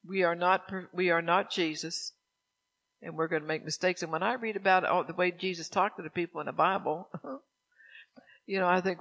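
Gravelly high-voiced older male preacher. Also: fairly even intonation, normal speed, pushed and bright. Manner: conversational, anecdotal, asks the congregation questions. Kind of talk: sermon.

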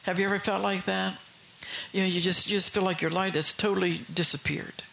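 Fervent male preacher, gravelly and bright. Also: high voice, steady tone, brisk, slight background noise, poor audio. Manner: fervent, rhetorical questions to the congregation. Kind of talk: sermon.

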